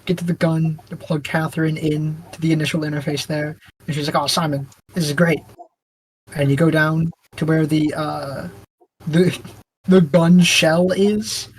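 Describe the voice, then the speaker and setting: A man co-hosting a podcast, retelling a video game's story in a loose, rambling way with quick mock voices and frequent laughs. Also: on the high side, flat delivery, slight background noise. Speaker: podcast co-host. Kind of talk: casual podcast chat.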